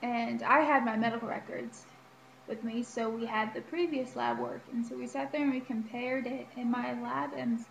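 A woman's voice: a little high, fairly even intonation, normal speed, gravelly, a bit bright. A young woman giving a casual personal health update, chatty with lots of ums and likes. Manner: chatty, frequent ums and likes, laughs between remarks. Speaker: vlogger. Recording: echoey room with faint ambient noise.

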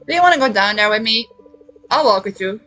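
A woman's voice: on the high side, animated, brisk, pushed and bright, dull audio. A woman streaming a farming game, chatting playfully and reading dialogue aloud, often repeating short phrases twice. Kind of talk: casual gameplay chat, reading dialogue aloud. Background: faint game music.

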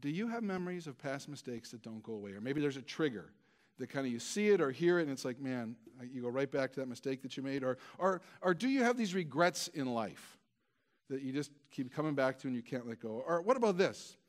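A man's voice: medium pitch, expressive, brisk. A male pastor preaching a storytelling sermon in a conversational, self-deprecating way, with many stammered restarts.

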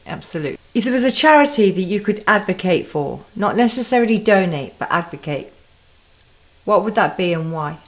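A woman's voice: medium pitch, lively intonation, fairly quick. A woman hosting an interview, chatting casually and affirming her guest. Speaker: host.

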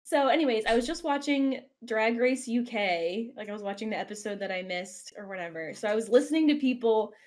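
A woman's voice: on the high side, lively intonation, brisk, few pauses, a little mellow. A woman with an American accent, chatting as a guest on a casual podcast, telling a rambling story full of fillers. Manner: chatty, self-conscious storytelling with many fillers. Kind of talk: casual chat.

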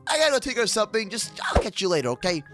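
A man's voice: high-pitched, big pitch swings, very fast, a bit bright, soft background music. A man hosting a Minecraft kids roleplay, talking in a jittery, rambling way. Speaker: roleplay channel host.

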